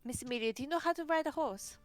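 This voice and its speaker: A woman's voice: sits high, fast, soft background music. A woman player in a tabletop game, joking and playful. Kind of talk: casual chat in a tabletop game.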